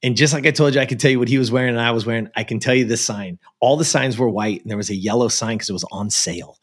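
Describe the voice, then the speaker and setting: An American man of middle pitch tells a personal story in conversation as a guest. He speaks earnestly and with emphasis, and leans on casual fillers as he goes. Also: rapid-fire, husky. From United States. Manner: earnest and emphatic, with frequent "like" and "you know".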